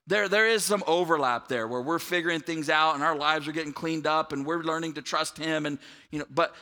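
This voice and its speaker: A man, a pastor giving a conversational sermon to a church audience, often checking in with "right?". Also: sits high. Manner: conversational, animated, asks the room "right?".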